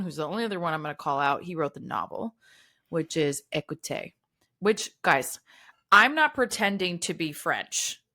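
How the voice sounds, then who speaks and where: A woman, co-hosting a podcast in casual, animated chat and often saying "y'all". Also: on the low side. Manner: chatty, animated, says "y'all". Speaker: podcast co-host.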